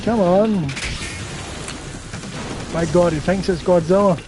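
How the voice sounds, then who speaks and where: A man's voice: high voice, slow pace. A man giving a joking, rambling commentary while playing a video game on a livestream. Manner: joking, rambling, mock-dramatic. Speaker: livestream gamer. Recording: game music playing behind.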